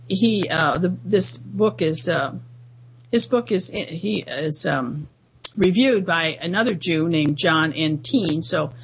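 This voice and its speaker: A woman's voice: on the low side, fairly bright tone, a little hiss or hum, poor audio. A woman hosting a commentary show, talking through news items in a rambling, indignant monologue with frequent fillers and restarts.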